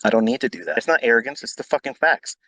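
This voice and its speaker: Hosting a live audio chat, a middle-aged trading educator delivers a blunt, profane, unscripted rant, repeating himself and swinging into loud outbursts. He talks rapid-fire at medium pitch in a dry, low-quality recording.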